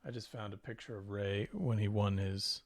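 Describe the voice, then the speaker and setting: A laid-back man chats as co-host of a live painting stream. His low voice is gravelly with fry, and he laughs easily. The sound is dry and close. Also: steady tone, moderate pace, no room sound. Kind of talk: casual chat.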